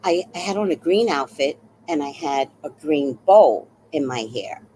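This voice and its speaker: Her voice is low and a little slow, and the poor audio picks up slight background noise. She's a woman in her sixties running a live stream, an animated, laughing storyteller who drops swear words casually.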